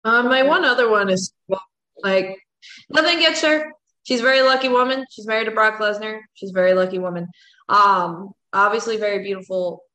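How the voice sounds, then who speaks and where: A woman's voice: medium pitch, brisk, sharp tone, low-quality recording. A woman co-hosting a casual podcast chat, teasing with wry asides. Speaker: podcast co-host.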